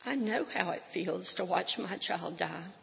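A woman reading aloud and voicing a tender male God who answers gently and reassuringly, in a dull, echoey hall recording. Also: fairly low pitch, a little slow, vocal fry. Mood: gentle.

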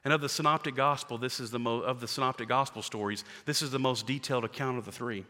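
A man preaching a sermon, animated, swinging from loud to hushed and acting out the scenes he tells. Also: medium pitch, fast. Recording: reverberant hall.

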